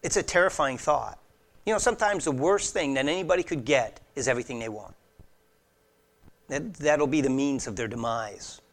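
A man preaching an earnest expository sermon, emphatic and conversational, swinging between loud declarations and hushed asides. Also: mid-range voice, moderate pace. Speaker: pastor.

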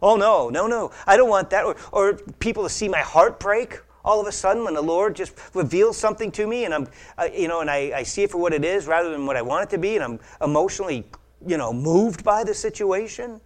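Male pastor, high voice, animated sermon delivery that drops to asides and rises to bursts. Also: quick pace. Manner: animated, acts out imagined voices, swings from hushed to loud.

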